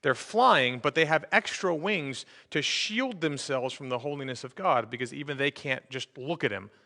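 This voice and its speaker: A man's voice: mid-range voice, normal speed, sharp tone, big-room sound. A man preaching a sermon as pastor, in a conversational way with frequent fillers and restarts. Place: church sanctuary.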